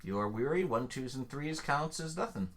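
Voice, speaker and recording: A man running a tabletop role-playing game as game master, giving unhurried, matter-of-fact rulings. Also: mid-range voice, lively intonation, a bit bright.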